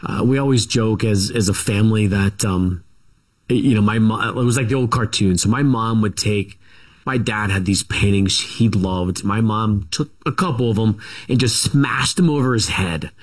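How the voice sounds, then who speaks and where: A man's voice: lowish voice, moderate pace. A middle-aged man, a guest author in an interview, recounts his family history casually, with many fillers, restarts and self-corrections.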